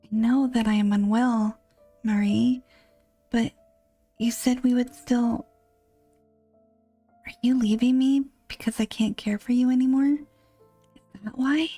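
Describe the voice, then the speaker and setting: A woman's voice: a little high, steady tone, a little slow, long pauses, mellow, dry recording, soft background music, voice pushed up. A woman voicing a bewildered, wounded husband who pleads with his wife, in whispered role-play. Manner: pleading, rising anxious whisper.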